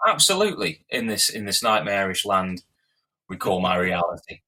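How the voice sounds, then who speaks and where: A man co-hosting a podcast in casual comedic chat, giving deadpan quips and giggling often. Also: low voice, moderate pace. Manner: deadpan quips, giggly, slips into silly voices. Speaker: podcast co-host.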